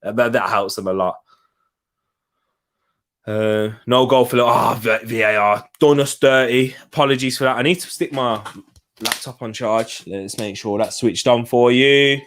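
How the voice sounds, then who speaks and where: A young man with a mild Birmingham accent talks through a football match as it happens, reacting to his viewers. His voice sits at a middling pitch, and he is chatty and excitable, quick to burst out at a chance or a goal. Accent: Birmingham English. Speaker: football watch-along streamer. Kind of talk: live casual commentary.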